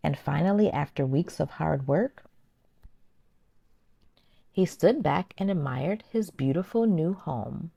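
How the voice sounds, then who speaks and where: Gravelly-voiced woman reading to toddlers. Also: low voice, lively intonation, slow, pauses often, warm tone, no room sound. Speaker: children's circle time host. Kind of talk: storybook read-aloud for toddlers.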